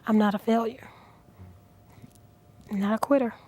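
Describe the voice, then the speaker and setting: A middle-aged woman guest on a talk show, speaking earnestly and with feeling, at times dropping to a soft near-whisper. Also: a little high, moderate pace. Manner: earnest, animated, drops to soft near-whispers at emotional moments. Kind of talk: inspirational talk show interview.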